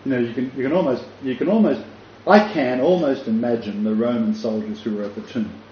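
A man's voice: medium pitch, fairly quick. A man teaching a sermon, telling the story vividly with frequent restarts and chuckles. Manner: imaginative, rambling with restarts and chuckles. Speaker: Bible teacher. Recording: dull echoey room with faint noise.

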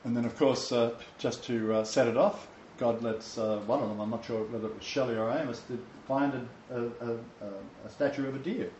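A man preaching informally to a small group, quoting scripture with emphatic, animated delivery and frequent restarts. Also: medium pitch, brisk, hardly any pauses, a little hiss or hum. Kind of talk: informal home-group sermon. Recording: roomy, dull lo-fi room recording.

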